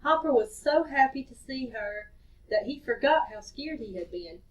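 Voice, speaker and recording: A woman reading a story aloud to children in a cheerful, expressive way. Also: sits high, moderate pace. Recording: distant dull lo-fi recording.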